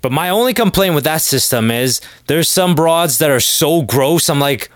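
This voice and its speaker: Guy doing a crude jokey solo podcast rant, mid pitch, dry close mic. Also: moderate pace, few pauses, no room sound. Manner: crude, joking, animated exclamations. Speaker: podcast host. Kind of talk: casual comedic monologue.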